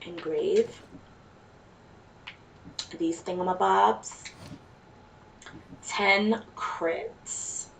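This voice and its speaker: A woman's voice: lowish voice, extremely slow, vocal fry, long pauses, a bit bright. A woman chatting casually to herself while playing a video game, muttering and reacting. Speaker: let's play gamer. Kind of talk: casual gameplay commentary. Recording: distant mic with faint noise.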